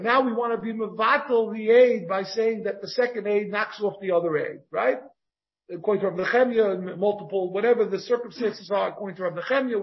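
Rabbi guy giving a talmud shiur, fairly high voice, keeps asking "so what?" to himself, kinda dull lo-fi sound. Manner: thinks aloud with repeated rhetorical questions. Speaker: rabbi teaching a Talmud class. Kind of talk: Talmud lecture. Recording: dull lo-fi recording.

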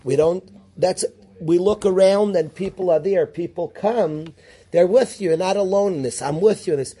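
A man teaching a yeshiva class in a lively way, calling on students by name and mixing Hebrew and Yiddish terms into his English. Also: high voice, moderate pace, breathy edge. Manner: animated, calls on students by name. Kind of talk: classroom lecture.

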